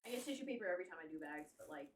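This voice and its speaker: A woman's voice: low voice, animated, very fast, distant mic. A young woman chatting casually with her live-stream viewers. She swears freely and laughs often. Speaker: livestreamer. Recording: echoey room, voice off-mic.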